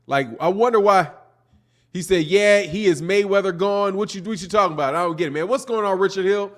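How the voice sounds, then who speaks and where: A man's voice: high voice, fast talker, fairly bright tone. A man hosting a live boxing stream, chatting casually and reading out viewer comments in a loose, rambling way that keeps circling back to "man.". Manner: laid-back, rambling, peppers talk with "man".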